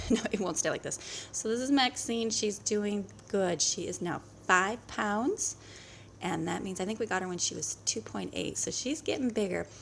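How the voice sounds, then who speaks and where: A woman's voice: on the low side, creaky, slight background noise. A woman in her thirties chatting casually to the camera at home, rambling along with many fillers. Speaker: vlogger, mother of a large family.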